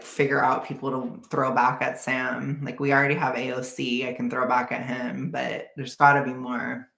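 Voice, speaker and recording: A woman's voice: low-pitched, a bit bright. A young adult woman streaming casually, reading viewer comments and reacting in a blunt, sarcastic way. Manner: blunt and sarcastic, laughs often. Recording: echoey room.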